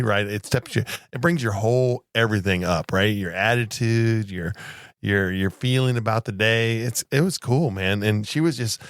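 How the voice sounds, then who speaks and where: A man co-hosting a chatty podcast, his voice sitting a little low as he spins a loose story. He circles back, restarts and stacks fillers as he goes. The sound is close and dry, with no room around it. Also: no room sound. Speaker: podcast co-host, flight attendant. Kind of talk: casual chat.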